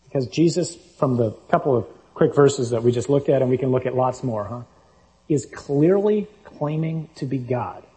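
A man's voice: medium pitch, animated, moderate pace, dark tone, poor audio. A man preaching a sermon, reading scripture aloud and making his points with emphatic, punchy delivery.

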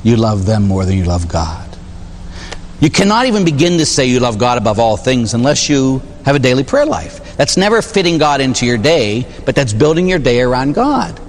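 With a mid-range voice at normal speed, a male Catholic priest gives an animated sermon in church, joking and posing rhetorical questions throughout. The recording has slight background noise and long large-hall reverb.

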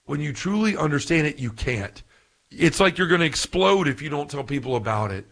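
Earnest, excitable man teaching scripture. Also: on the high side, fairly quick, vocal fry. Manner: excitable, earnest, stumbles over words. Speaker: Catholic podcast speaker.

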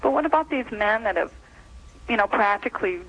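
This is a woman caller from Minnesota with a bright, sharp-edged voice. She talks effusively and rambles, restarting her sentences as she works toward her question. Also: a little high, lively intonation, a little fast, lo-fi sound. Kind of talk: call-in question.

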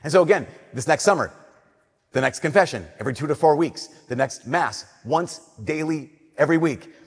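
A man preaching a conversational sermon, telling stories and slowing down softly on his key points. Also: a little high, animated, breathy edge, long reverb tail.

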